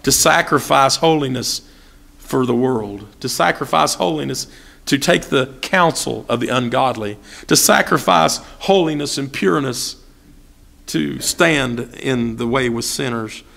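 Gravelly-voiced preaching pastor, a man. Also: mid-range voice, fairly bright tone. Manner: preaching with repeated rhetorical questions, acting out quoted voices. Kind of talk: sermon. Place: church sanctuary.

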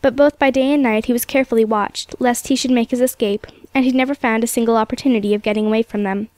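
A woman narrating an old storybook aloud in a steady, measured reading. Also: on the high side, dry recording.

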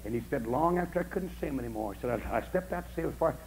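A man preaching a camp meeting sermon, telling folksy stories and swinging from soft asides to shouting, on an old recording with a faint hum. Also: mid-range voice, animated, very fast, rough recording. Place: camp meeting, outdoors or in a tabernacle.

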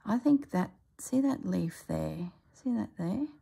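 A woman's voice: mid-range voice, expressive, slow pace, vocal fry, mellow, husky. A woman vlogger chatting casually as she stitches, rambling and talking herself through each step in a murmur. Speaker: crafting vlogger. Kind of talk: casual chat while stitching.

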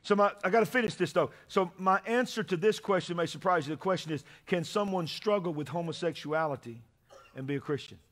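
A man preaching a sermon to his congregation, calling for amens and building to shouted peaks. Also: sits high, a little fast. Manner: call-and-response preaching, rising to shouts at climaxes. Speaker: pastor. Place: church sanctuary with congregation.

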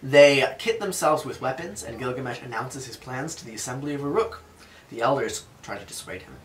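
A man's voice: mid-range voice, lively intonation, fairly quick, a bit bright, echoey room, a little hiss or hum. A man reading an ancient epic aloud and explaining it in a casual, chatty way with jokey asides.

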